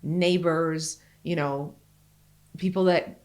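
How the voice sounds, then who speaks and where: Middle-aged woman, podcast co-host, earnest and emphatic, fairly low voice, casual conversation. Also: fairly even intonation, takes it slowly, darkish tone. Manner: earnest and emphatic, rising in pitch when making a point.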